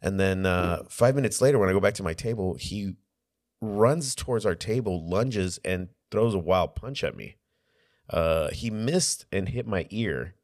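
A man's voice: sits low, animated, measured pace, a little mellow, dry recording, clean studio sound. A man co-hosting a casual podcast, telling a story in a laid-back way with lots of fillers and swearing. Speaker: podcast co-host.

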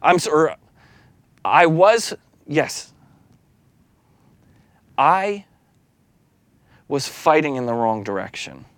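Man, lay preacher, candid confessional sermon, raised pitch, dry close sound. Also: big pitch swings, drawn-out words, pauses often, a bit bright, no room sound. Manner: candid and confessional, with restarts and small laughs.

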